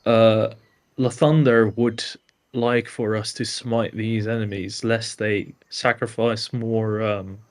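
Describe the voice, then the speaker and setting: A man playing a tabletop game, describing his character's actions in a halting way with frequent pauses. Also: lowish voice, level tone. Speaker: player. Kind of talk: casual tabletop chat.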